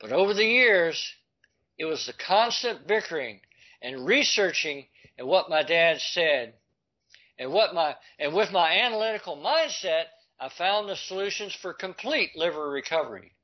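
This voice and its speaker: An older man tells a personal story with a high voice. He is animated and acts out the people he quotes. The recording sounds dull and lo-fi.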